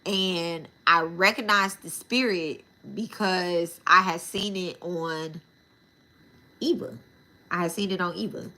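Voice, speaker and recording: A woman tells a personal story to her viewers in a loose, animated way, swearing freely and calling out to them as y'all. Her voice sits a little low for a woman but has a sharp, bright edge. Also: takes it slowly. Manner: animated, profane, addresses listeners as y'all. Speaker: spiritual channel host.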